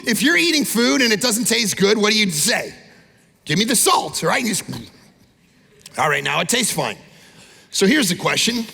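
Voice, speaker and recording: A man preaching an energetic sermon, his voice high and heavily gravelly. His tone is bright and husky. He pushes up into shouts and acts out the people he describes, and a long hall reverb trails each line. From Canada. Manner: animated, shouting peaks, mimics people. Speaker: pastor. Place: large church auditorium.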